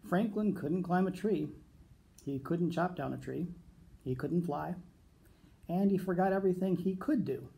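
A man who teaches reads a children's picture book aloud in a gentle, unhurried way. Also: on the high side, gravelly. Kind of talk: storybook read-aloud.

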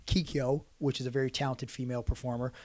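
Animated male wrestler telling a story. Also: mid-range voice, quick pace, dry recording. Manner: animated storyteller, acts out quotes. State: hoarse voice. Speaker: podcast guest, pro wrestler. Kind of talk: casual storytelling chat.

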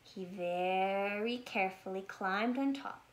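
A woman reading a picture book aloud, pausing to explain the story directly to young listeners. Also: medium pitch. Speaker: storybook reader. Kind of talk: children's read-aloud.

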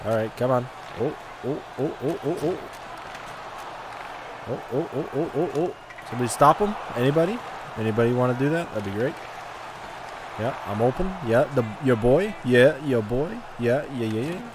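Excitable man commentating a hockey game. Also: medium pitch, moderate pace, a crowd in the background, background noise. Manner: excitable, trash-talking, cheering and groaning at the play. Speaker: gaming commentator. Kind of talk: casual gameplay commentary.

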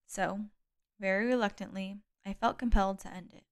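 A woman reading a first-person thriller audiobook in a measured, steady narration. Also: medium pitch. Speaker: audiobook reader.

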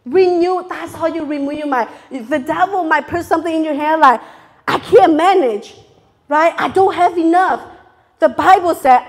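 A woman preaching a sermon in English, her third language, earnest and open, often checking in with the audience. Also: high-pitched. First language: not English (English is her third language). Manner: earnest, confessional, asks the audience "okay?" often.

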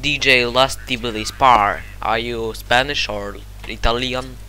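Excitable, slow-talking gamer man. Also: mid-range voice. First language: not English. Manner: excitable, cursing, sudden shouts at the game; halting non-native English with searching for words. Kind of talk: gameplay commentary with voice chat.

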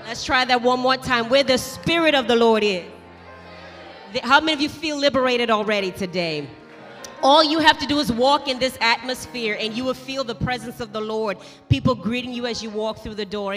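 A woman with a Turks and Caicos accent, a pastor greeting a congregation with exuberant, shouted praise. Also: fairly high pitch. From Turks and Caicos Islands. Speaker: pastor's wife, guest speaker. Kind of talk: church greeting. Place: church sanctuary. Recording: echoey church hall with music behind.

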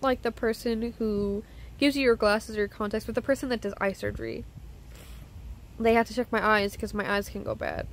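A woman vlogger talking to camera in a personal video diary, close to tears, halting with many pauses and restarts. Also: medium pitch, a little hiss or hum, poor audio.

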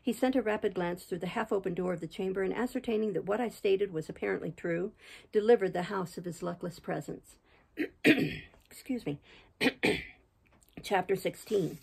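A woman reading a classic novel aloud in a steady, measured manner. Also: mid-range voice, creaky, breathy edge, rough recording. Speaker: reader, channel host. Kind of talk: audiobook reading.

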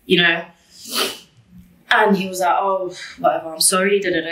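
A young woman telling her own story to camera, fast and full of "like", acting out what others said. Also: low voice, bright, forceful tone. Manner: rapid, heavy use of "like", quotes others in dialogue. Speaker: tattoo documentary subject. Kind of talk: personal testimony to camera. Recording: roomy, slightly distant mic.

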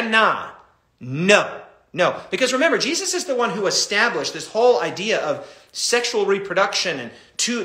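A middle-aged man, a pastor, teaching a Bible study in an animated, impassioned way. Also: sits high, reverberant.

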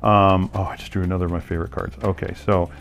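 A man's voice: sits low, little pitch movement, fast talker, gravelly. Playful, teasing man explaining a card game. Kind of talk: explaining rules while playing a card game.

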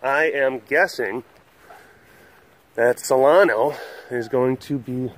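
A man's voice: medium pitch, slow. Rambling man hosting an animal webcast. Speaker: host of an animal facility webcast. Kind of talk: casual vlog chat. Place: outdoors at an animal compound on a windy day.

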